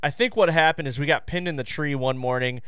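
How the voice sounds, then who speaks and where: Male podcast host, casual and profane, animated storyteller, slightly high smooth voice. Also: fast talker, no echo, clean studio sound.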